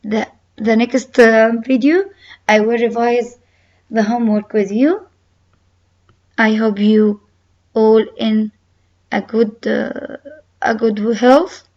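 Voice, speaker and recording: A woman teaching a recorded lesson with a slow, deliberate delivery, repeating key words and reading example sentences aloud. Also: on the high side, fairly even intonation, darkish tone, dull audio. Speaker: English teacher. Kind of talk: recorded online English lesson.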